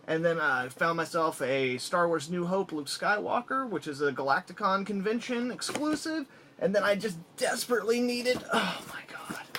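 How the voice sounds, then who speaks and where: A man's voice: fairly high pitch, a bit bright, a little hiss or hum. A man in a casual vlog, enthusiastically rambling as he rattles off items from his collection one after another.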